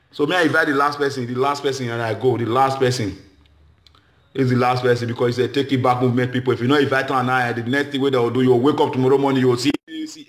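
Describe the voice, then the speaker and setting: Emphatic Nigerian Pidgin-speaking man, high voice. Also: a bit bright, echoey room. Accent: Nigerian Pidgin English. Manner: emphatic, repetitive, shifts between Pidgin and English. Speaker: comedian. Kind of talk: impassioned speech to a gathering.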